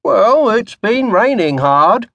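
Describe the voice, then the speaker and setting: A man's voice: high voice, very animated, takes it slowly, fairly bright tone, no room sound, highs cut off, voice pushed up, heavily acted. A man voicing a timid, plaintive old male butler who fusses over his master. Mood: fussing. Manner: plaintive, fussing.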